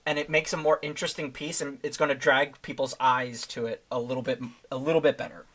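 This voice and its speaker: A man's voice: medium pitch, little pitch movement, fast talker, few pauses, a bit bright. Casual male streamer, mid-range voice, talks his way through the work, loose and rambling. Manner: rambling, thinking aloud with many fillers. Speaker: streamer making thumbnails. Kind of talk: casual live-stream commentary.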